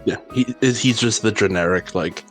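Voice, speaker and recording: A man's voice: fairly low pitch, moderate pace, faint music behind. A man co-hosting a live gaming podcast, chatting casually with dry, teasing remarks. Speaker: podcast co-host.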